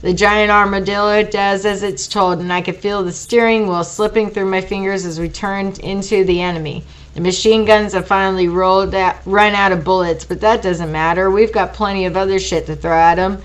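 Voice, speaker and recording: A woman's voice: medium pitch, steady tone, normal speed, few pauses, low-quality recording. Profane woman reading an audiobook. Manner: profane, wry, casual. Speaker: audiobook reader. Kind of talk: first-person audiobook narration with asides.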